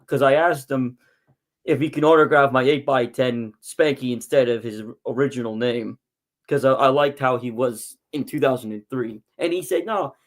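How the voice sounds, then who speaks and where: A man's voice: medium pitch, normal speed. A man on a casual podcast, telling long fan stories with lots of restarts and false starts. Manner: rambling storyteller with many restarts. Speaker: guest, wrestling promotion figure.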